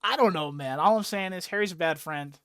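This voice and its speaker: A man's voice: high voice, fairly quick, sharp tone, slight background noise. A young man casually recapping a comic book on a podcast, rambling and profane, with frequent "like" and laughs. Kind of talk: casual chat.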